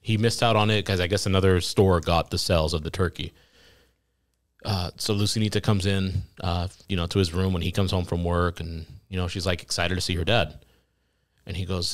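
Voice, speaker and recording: Low-voiced man telling a funny story. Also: brisk. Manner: animated storyteller quoting voices, laughing at his own story. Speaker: podcast guest. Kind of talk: casual storytelling.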